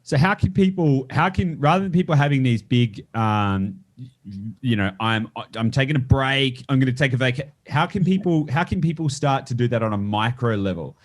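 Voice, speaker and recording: A man's voice: animated, normal speed. Male interview host, casual and rambling, mid-range voice. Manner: rambling, restarts often, acts out clients in a high voice. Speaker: podcast host.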